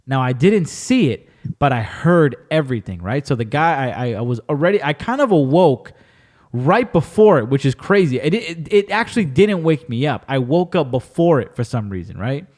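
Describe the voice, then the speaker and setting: A man hosting a podcast, chatting casually and telling animated stories with plenty of swearing. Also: fairly high pitch, moderate pace. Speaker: podcast host. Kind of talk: casual chat.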